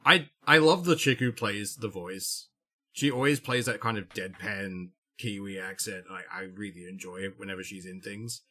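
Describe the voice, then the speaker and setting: A man co-hosting a podcast in casual chat, animated and jokey. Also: fairly low pitch, normal speed. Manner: animated, jokey, puts on voices. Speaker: podcast co-host.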